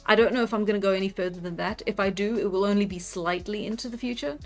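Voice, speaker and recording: A young woman livestreams while drawing, chatting casually with viewers and giggling often, with frequent laughter and restarts. She's a fast talker with a mid-range voice, and faint music plays in the background of this artist's casual live-stream chat.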